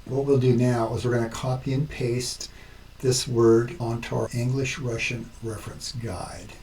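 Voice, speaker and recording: Male tutorial host, deliberate and methodical, recorded at a distance with faint background noise. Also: medium pitch, steady tone, darkish tone. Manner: slow, step-by-step explaining. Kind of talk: screen-recorded tutorial narration.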